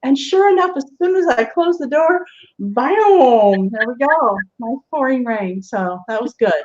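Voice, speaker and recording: A woman's voice: high-pitched, animated, measured pace, a little mellow, a little hiss or hum. A woman hosting a live online show, chatting casually and laughing often. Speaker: host. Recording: dull lo-fi web stream audio.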